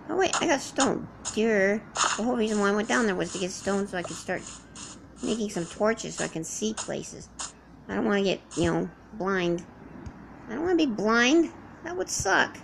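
A woman's voice: on the high side, gravelly, fairly bright tone, slight background noise, rough recording. A woman doing in-character survival roleplay commentary while playing, rambling to herself and chatting to the animals around her. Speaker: game roleplayer.

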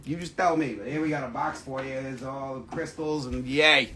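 A man hosting a live crystal sales stream, joking loudly, swearing and rambling between prices. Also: medium pitch, steady tone, moderate pace, slight background noise. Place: shop or home stream setup.

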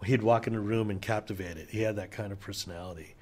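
A man's voice: fairly low pitch, fairly even intonation, fast, a little mellow. A middle-aged man, a session drummer, telling stories casually in an interview, loose and enthusiastic with plenty of fillers and swearing.

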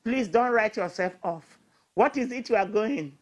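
A middle-aged woman bishop preaching an emphatic sermon of encouragement, repeating declarations and building at times to shouts. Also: mid-range voice, measured pace. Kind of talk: exhortation sermon.

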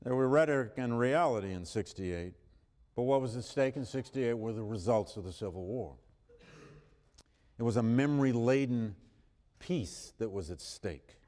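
A man's voice: medium pitch, animated, normal speed, darkish tone. A man giving a university history lecture, speaking emphatically, correcting himself as he goes and raising his voice for quoted passages, with an occasional cough. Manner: emphatic, reads quotations with rising force, self-correcting. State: coughing at times. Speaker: history professor. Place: large lecture hall. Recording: reverberant lecture hall.

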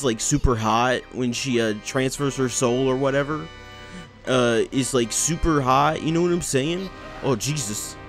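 Young guy doing let's play commentary, rambly and swears a lot, voice jumps all over, faint music behind. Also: medium pitch. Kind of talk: casual gameplay commentary.

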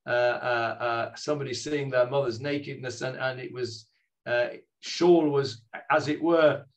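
A man's voice: fairly high pitch, fairly bright tone. A man leading an online Sunday morning scripture class over a video call, talking in a friendly, hesitant way with many fillers and restarts. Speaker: Bible teacher leading a class.

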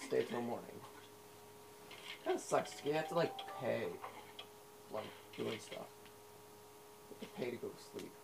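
A young man rambles through his gameplay commentary in a gravelly, creaky voice, stacking up fillers as he goes. The recording is noisy, with a steady hiss beneath his talk. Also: mid-range voice, unhurried, long pauses. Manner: rambling, filler-heavy, easily sidetracked. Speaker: gamer.

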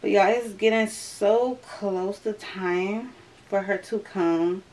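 There's a little hiss or hum as a young woman, slightly out of breath, casually vlogs from home in a slow, steady, mid-range voice with a darkish tone. Chatty throughout, she keeps referring to her viewers as "y'all."

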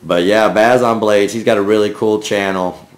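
A man's voice: on the low side, steady tone, moderate pace. A man with a Minnesotan accent, raised in the American South, hosting a casual knife vlog in a rambling, folksy way with lots of fillers. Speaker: knife review channel host.

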